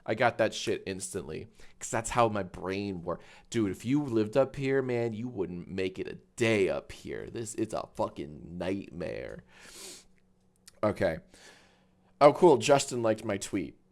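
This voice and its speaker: A man in his thirties chatting casually on a live stream, swearing freely and breaking into high laughter. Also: sing-song, unhurried, a little mellow.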